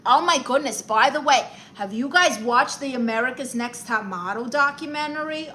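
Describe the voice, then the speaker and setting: Woman, New York accent, livestream host, sassy auntie manner, highish bright voice. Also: expressive, normal speed, hardly any pauses, slight background noise. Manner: sassy, theatrical auntie, calls viewers honey and darlings. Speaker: livestream host giving advice. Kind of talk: casual livestream chat reading comments.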